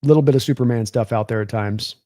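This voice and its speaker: Young male sports streamer, casual rambling chat, dark mellow voice, mid pitch. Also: quick pace, no room sound, clean studio sound. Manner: rambling, thanks viewers by name, reads chat aloud. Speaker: sports livestream host. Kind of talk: casual live-stream football talk.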